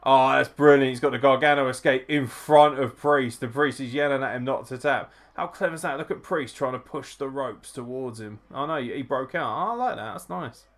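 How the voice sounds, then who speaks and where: A man hosting a live wrestling watchalong, chatting casually, swearing and reacting excitedly to the action. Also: mid-range voice, a little fast, hardly any pauses.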